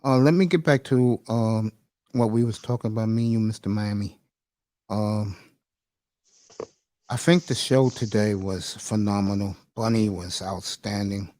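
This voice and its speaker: A man's voice: on the low side, steady tone, measured pace, mellow, no room sound, clean studio sound. A man hosting a casual live stream, rambling and emotional, calling his listeners bro and folks. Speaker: livestream host. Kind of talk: casual livestream chat.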